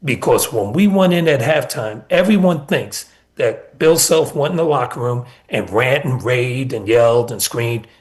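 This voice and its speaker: A man's voice: mid-range voice, expressive, measured pace, few pauses, a little mellow. A middle-aged man, a former basketball coach, telling stories earnestly on a sports radio show and repeating key points for emphasis. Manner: earnest storytelling with emphatic repetition. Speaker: former college basketball assistant coach, guest.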